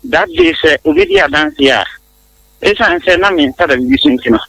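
A man's voice: extremely high pitch, huge pitch swings, brisk, vocal fry, fairly bright tone, husky, poor audio. A man defending himself on a talk show, hesitant and pleading, stumbling and repeating his words. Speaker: accused guest.

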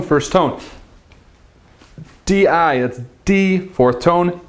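A man teaching a beginners' Chinese lesson at a whiteboard, talking in an upbeat, direct way and sounding out drill syllables with big swings in pitch. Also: drawn-out words, long pauses.

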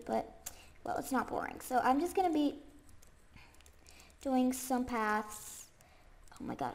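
A young woman with a very high voice that sounds stuffy and congested from a cold. She rambles casually through game commentary, full of fillers and sudden excited squeals, and she talks at an unhurried pace. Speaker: gaming YouTuber.

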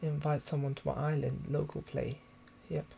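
A young man from the UK talks in a hushed, casual way to his live-stream viewers, trying not to wake the neighbors. His voice is mellow and a little gravelly. A faint room hiss sits behind him on the desk microphone. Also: on the high side, flat delivery, normal speed. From United Kingdom. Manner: talks quietly to keep from waking neighbors at night. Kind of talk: casual live-stream chat while playing. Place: room at home, early morning. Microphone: desktop USB microphone.

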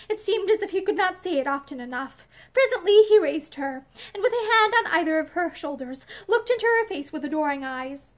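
A woman reads a novel aloud in a room lined with bookshelves. Her voice sits very high, gentle and expressive, and it drops to a soft whisper in the tender passages. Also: fairly quick, few pauses. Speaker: audiobook reader. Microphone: camera facing her.

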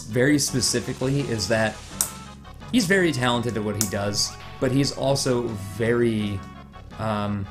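A man co-hosting a let's play, chatting casually and animatedly, swearing freely and often laughing. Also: fairly low pitch. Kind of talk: casual chat over gameplay.

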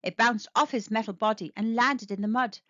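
Expressive woman storybook reader, higher voice, dry dull recording. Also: brisk, no room sound. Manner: expressive, animated. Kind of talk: children's storybook read-aloud.

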